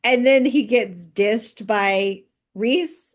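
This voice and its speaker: A woman co-hosting a casual book podcast, chatty, adding her own take and quick agreements. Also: a little high. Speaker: podcast co-host. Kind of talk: casual book recap chat.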